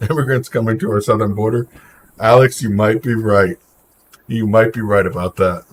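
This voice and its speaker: On the low side with a steady tone and a breathy edge, this man's voice moves at normal speed. He's a livestream host chatting casually, offering opinions and replying to viewers' comments by name.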